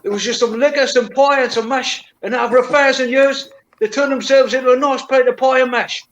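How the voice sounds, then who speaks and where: A man's voice: extremely high pitch, fairly even intonation, brisk, fairly bright tone, voice pushed up, low-quality recording. A man putting on a cheeky character with an exaggerated twang, talking about pie and mash. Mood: playful.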